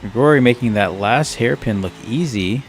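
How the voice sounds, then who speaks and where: A man hosting a live online drift event, commentating the runs and chatting with the drivers in a relaxed, easygoing way. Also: mid-range voice, normal speed, crowd noise.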